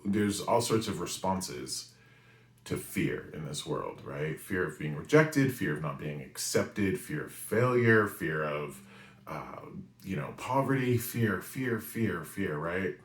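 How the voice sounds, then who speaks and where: A man's voice: deep voice, slow pace. A man in his forties from New England tells a story in a monologue, often checking in with the listener. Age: 40s. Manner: animated storyteller who often asks "right?". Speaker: spiritual reader and weekly message host. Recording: roomy echo.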